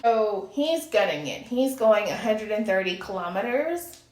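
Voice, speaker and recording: Animated woman telling a story. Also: mid-range voice, a little slow, roomy sound. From United States. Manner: animated, breathless retelling, acts out her own panicked shouts. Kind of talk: casual story time.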